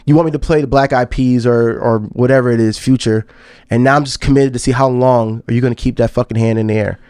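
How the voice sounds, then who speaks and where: A man's voice: medium pitch, fairly even intonation, quick pace, a little mellow, clean tone, no echo, studio quality. A man co-hosting a podcast, chatting loosely and laughing often. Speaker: podcast co-host. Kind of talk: casual chat.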